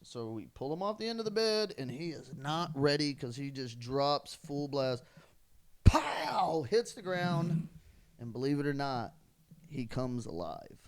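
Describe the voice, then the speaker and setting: A man's voice: fairly high pitch, big pitch swings, measured pace. A man telling a story in casual podcast chat, acting out the quoted lines with animation.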